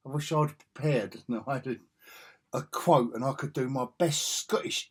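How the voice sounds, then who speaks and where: This comic collector vlogger has a mid-range, slightly breathy voice with big pitch swings and a moderate pace. He muses aloud in a loose, rambling way while browsing old comic magazines.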